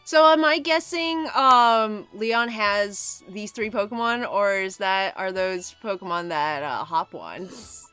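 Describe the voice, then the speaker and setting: A woman's voice: medium pitch, takes it slowly, few pauses, smooth, faint music behind. A woman streamer chatting casually and giggling often while she plays a game. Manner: giggly and animated, with frequent laughs.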